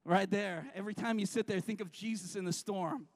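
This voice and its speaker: Middle-aged male pastor with a high voice, giving an animated, joking sermon in church. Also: fairly quick. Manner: lively, jokey preaching with restarts and acted-out quotes. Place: church sanctuary.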